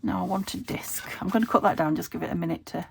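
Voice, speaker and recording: British woman vlogger, casual self-talk at a craft desk, creaky, noisy recording. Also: on the low side, quick pace, darkish tone. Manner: chatty, thinks aloud, self-talking with little laughs. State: recovering from a fever. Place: home craft desk, window open. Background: traffic through an open window.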